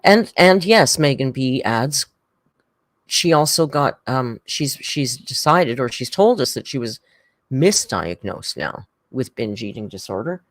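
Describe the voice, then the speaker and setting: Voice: mid-range voice, very animated, unhurried, no room sound, studio quality. A livestream host in casual reaction chat, rambling and chatty, reading out viewer comments.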